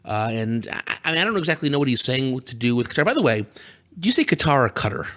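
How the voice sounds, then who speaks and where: A man's voice: medium pitch, sing-song, quick pace, a bit bright. Rambling, jokey man on a podcast. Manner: rambling and jokey, laughs often. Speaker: podcast co-host. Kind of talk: casual political podcast chat.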